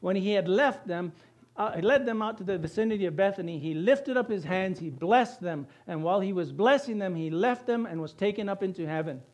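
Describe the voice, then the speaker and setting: A middle-aged pastor with a high-set voice delivers a sermon. He throws rhetorical questions at his congregation and answers them himself, driving each point home. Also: lively intonation, brisk.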